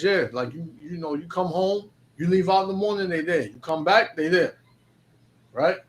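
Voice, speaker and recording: A man in casual chat, reading Bible verses slowly and commenting in loose street talk. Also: on the high side. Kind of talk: casual chat about scripture and life.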